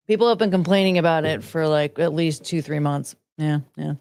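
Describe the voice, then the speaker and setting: A young woman rambles through a casual live stream, chatting loosely with her viewers. Her voice sits fairly low, and the sound is dry and close with no room around it. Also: steady tone, normal speed, hardly any pauses, a little mellow, no room sound. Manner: rambling, chatty, greets chat viewers by name. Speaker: livestream host.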